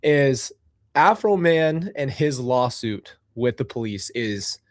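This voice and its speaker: A chatty man hosts his own stream in a loose, animated way, venting with playful exasperation and turning to his chat to joke. His voice sits at a middle pitch and comes through close and dry, with no room sound around it. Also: takes it slowly, no echo. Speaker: host. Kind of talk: casual livestream commentary.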